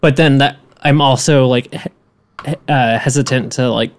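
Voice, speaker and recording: Casting: male podcast co-host, mid pitch, loose rambling delivery full of restarts. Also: fairly even intonation, moderate pace. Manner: rambling, many restarts and fillers. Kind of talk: casual gaming chat.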